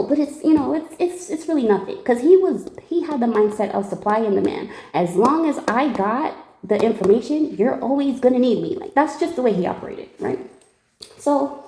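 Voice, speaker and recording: Young adult woman, slangy and lively, telling a story; mellow, fairly high voice in a roomy space. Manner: animated, laughs often, slangy, quotes people in dialogue. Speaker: tarot reader telling a story. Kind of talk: casual storytelling.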